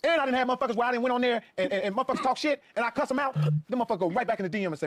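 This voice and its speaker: A man's voice: extremely high pitch, animated, racing, few pauses, dry recording. A middle-aged man, a guest comedian, riffing and telling profane stories with emphatic, preachy repetition.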